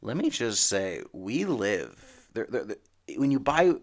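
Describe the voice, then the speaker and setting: A man's voice: fairly low pitch, big pitch swings, a little slow. A man hosting a casual comic book podcast, rambling and emphatic, with frequent restarts. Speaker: podcast host.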